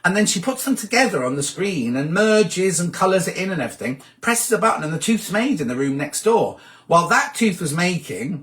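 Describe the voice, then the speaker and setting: A man hosting a sewing livestream, chatting casually and reading out viewer comments with animated asides. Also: on the high side.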